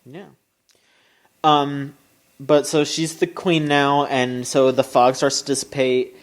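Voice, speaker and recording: A podcast co-host in casual chat, recapping an anime episode, animated and swearing freely. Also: slow pace. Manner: animated and swearing, pitch jumping up when excited.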